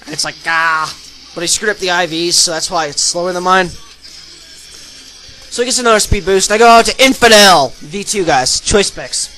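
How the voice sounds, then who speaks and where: A young man narrating his online game battles as a channel host, energetic and breaking into loud excited shouts. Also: sits high, normal speed, rough recording. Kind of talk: excited battle commentary over gameplay video. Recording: voice-over with faint background music.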